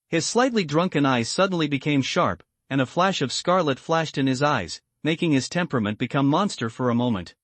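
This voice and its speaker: A man's voice: on the high side, dry recording. Man narrating a story recap. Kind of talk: scripted narration.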